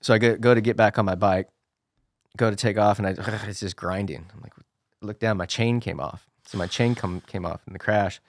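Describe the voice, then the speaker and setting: A man's voice: lowish voice, fairly even intonation, moderate pace, no room sound, studio quality. A man in his forties, a podcast guest, telling stories in a laid-back casual chat, often trailing off with "you know.". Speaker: podcast guest, former racer.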